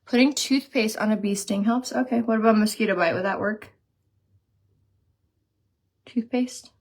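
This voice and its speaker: A woman's voice: mid-range voice, a little fast, darkish tone. A woman chatting casually during a live makeup stream, reading viewer comments aloud and telling stories. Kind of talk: casual live chat while doing makeup.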